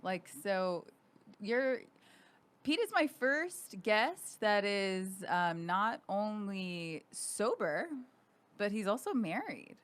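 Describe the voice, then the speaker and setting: Chatty young woman podcast host, smooth voice. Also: mid-range voice, big pitch swings, slow pace. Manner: chatty, rambling with many fillers. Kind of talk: casual podcast chat. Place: podcast studio.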